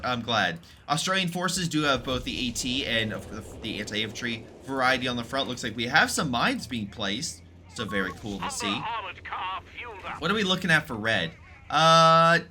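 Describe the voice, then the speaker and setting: Bright-voiced chatty male game commentator. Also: mid-range voice, slight background noise. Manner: chatty, rambling, with frequent fillers and self-corrections. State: recovering from illness.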